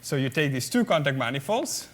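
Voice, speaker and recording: A man's voice: medium pitch, very animated, fairly quick, slight background noise. A man giving a mathematics lecture at a conference, explaining step by step with many fillers and often checking the audience with "okay?".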